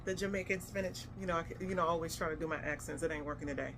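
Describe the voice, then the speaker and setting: A woman's voice: deep voice, fairly even intonation, racing, vocal fry, background noise. A woman food vlogger giving a casual, playful review, humming and exclaiming as she tastes. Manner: chatty and playful, hums and exclaims while tasting.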